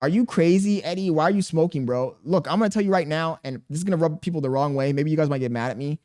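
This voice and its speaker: A man's voice: on the high side, fast talker. A man live streaming, reading his chat aloud and bantering back in profane, slangy talk. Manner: slangy and animated.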